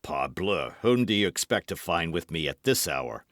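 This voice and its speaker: Man reading calm, weary older musketeer, lower tone, steady. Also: no room sound, studio quality. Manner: low, measured and composed. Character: grave, phlegmatic older male musketeer.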